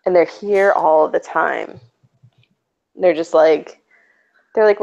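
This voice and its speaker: Young woman, fast animated storyteller with a gravelly edge; dull lo-fi stream sound. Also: lowish voice. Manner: animated storytelling, lots of "like", giggly. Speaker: stream co-host. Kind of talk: casual chat.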